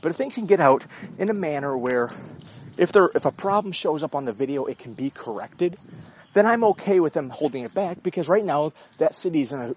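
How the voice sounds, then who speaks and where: Out walking his dog, a vlogger rants bluntly and argumentatively, cursing as he goes. His voice is medium in pitch, husky, with a darkish tone, and the recording sounds dull and lo-fi.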